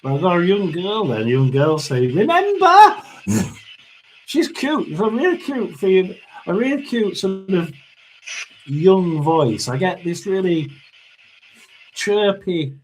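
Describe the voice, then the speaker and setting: A man hosting a casual tarot and spirit box reading. He chats and mutters asides, often clearing his throat. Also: high voice, expressive, slow pace, darkish tone, a little hiss or hum.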